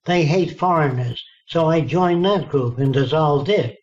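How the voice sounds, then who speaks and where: A man's voice: on the high side, a little slow, a little hiss or hum. A man being interviewed, telling stories in a blunt, folksy way and acting out what people said to him. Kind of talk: storytelling in conversation. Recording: dull lo-fi recording.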